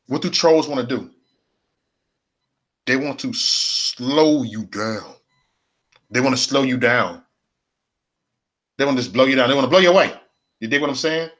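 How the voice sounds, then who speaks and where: A man riffing live to his chat. He circles back over the same phrases again and again, loose and slangy, with plenty of cursing. His pitch sits right in the middle for a man. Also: a bit bright. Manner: rambling, repetitive, slangy and profane. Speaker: livestream host. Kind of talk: casual livestream rant.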